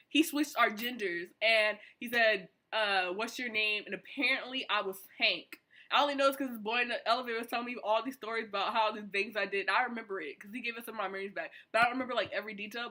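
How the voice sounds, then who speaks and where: Young adult woman vlogger, bright and sharp-edged, lively slangy retelling. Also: on the high side, fairly quick. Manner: animated, slangy, excited retelling. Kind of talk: casual storytime vlog.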